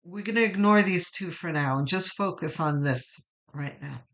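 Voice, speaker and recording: Speaking at a normal pace in a mid-range, slightly bright voice, this tarot reader offers viewers a weekly reading. It wanders reflectively with lots of fillers and false starts, and emotion brings her close to crying.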